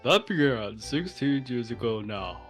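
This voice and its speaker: A man reading aloud as an older male judicial scholar, calmly recalling his past, with faint music behind. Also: mid-range voice, measured pace. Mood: wistful. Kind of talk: reading game dialogue aloud.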